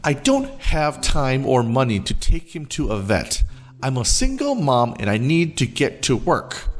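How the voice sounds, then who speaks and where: A man's voice: mid-range voice, huge pitch swings, unhurried. A man voicing a rude, impatient entitled mother who snaps, swears and makes demands, in a storytelling video. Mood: irritated demanding.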